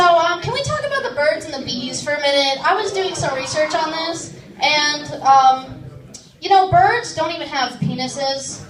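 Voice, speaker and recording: 20-something woman doing standup, high voice, dry um-filled delivery, echoey room, mic kinda far. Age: 20s. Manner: deadpan, self-deprecating, frequent "um"s. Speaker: stand-up comedian. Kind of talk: stand-up comedy set. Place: comedy club stage. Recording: roomy, distant live stage mic.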